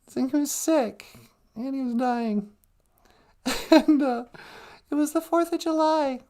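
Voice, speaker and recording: A woman's voice: high voice, a little slow, mellow. A woman co-hosting a casual live stream, laughing often as she chats and reads out viewer comments. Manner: laughs often while talking. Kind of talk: casual chat with chat readers.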